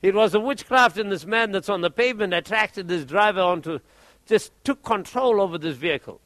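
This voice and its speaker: A man preaching, telling a testimony story in an animated way and often repeating his words. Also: sits high, brisk, dry recording.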